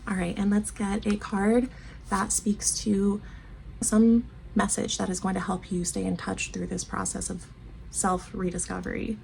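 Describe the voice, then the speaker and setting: Gravelly, warm-voiced woman doing a tarot reading. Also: mid-range voice, little pitch movement, a little slow, a little hiss or hum. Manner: gushing and affectionate, calls the listener babe; emotional, near tears, laughs often. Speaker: tarot reader. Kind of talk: casual one-on-one tarot reading.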